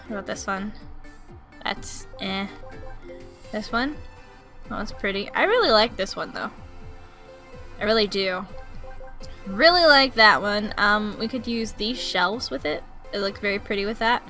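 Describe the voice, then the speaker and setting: A young woman giving excitable let's-play commentary, gushing and repeating herself as she plays. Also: medium pitch, a little slow, long pauses, soft background music. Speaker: gaming YouTuber.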